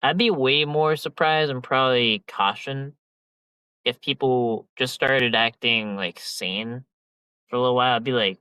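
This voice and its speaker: A man's voice: mid-range voice, fairly even intonation, moderate pace, bright, forceful tone, smooth, dry recording, poor audio. Slangy, rambling young man. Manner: rambling, slangy and profane, lots of filler. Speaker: podcast host. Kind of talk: casual chat.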